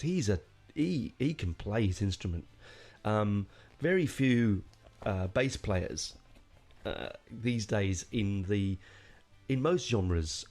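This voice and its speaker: A man with a fairly low voice chats casually through an album review, excited and digressive, full of fillers and the odd swear word. Faint music plays underneath his voice. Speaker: podcast host reviewing a metal album.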